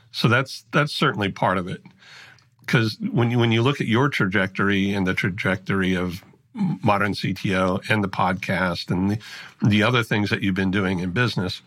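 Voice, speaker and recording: Low husky-voiced man telling a story. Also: a bit bright. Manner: earnest, acts out quoted voices. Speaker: podcast guest. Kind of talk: conversational storytelling.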